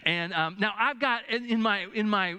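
A man of fifty telling humorous, folksy stories from family life in a relaxed talk, with restarts and asides. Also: sits high, moderate pace, smooth. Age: 50s. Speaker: speaker. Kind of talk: storytelling talk.

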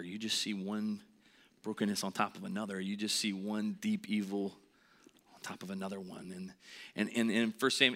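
Pastor, male, bright and forceful tone, earnest sermon delivery, sinks to a hush for weight. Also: fairly low pitch. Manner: earnest, drops to a hush on heavy points.

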